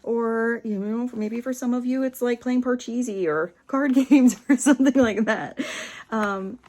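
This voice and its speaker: A woman giving a casual tarot reading, gentle and chatty, dropping to soft near-whispers on spiritual lines and laughing often. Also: on the high side, unhurried. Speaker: tarot reader. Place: home room with small table.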